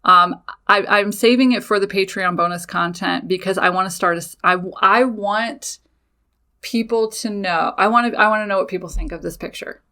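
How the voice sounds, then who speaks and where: A woman who is a mother and a podcast host, casually telling a personal story, animated, swearing freely and talking straight to her listeners. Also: mid-range voice, moderate pace. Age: adult with children.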